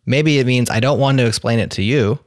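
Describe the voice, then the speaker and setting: A man's voice: mid-range voice, brisk, no room sound, studio quality. A man co-hosting a podcast in casual chat, wry and opinionated. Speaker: podcast co-host.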